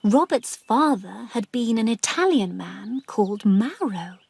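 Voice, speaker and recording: A woman narrating a graded story for English learners in a slow, careful way. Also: on the high side, expressive, creaky, a little mellow, husky, no room sound.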